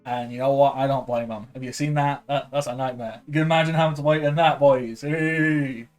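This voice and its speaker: A bumbling, nervous soldier , as a man puts him on, stammers and rambles his way through excuses at a middling pitch. Faint music plays behind him. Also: fairly even intonation, a little fast, close to an everyday voice. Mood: flustered.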